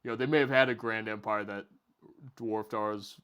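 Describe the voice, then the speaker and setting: A man speaking as a guest on a casual podcast, explaining his points in a relaxed, chatty way. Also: fairly low pitch, normal speed, clean tone.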